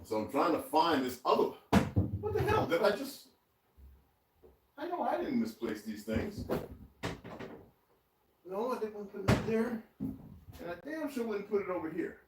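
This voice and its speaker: With a high-sitting, very animated voice, a vlogger talks a little slowly and pauses often as he chats casually with viewers in his kitchen, laughing and speaking to his cat as he searches. He is far from the mic, and the recording is roomy with faint noise.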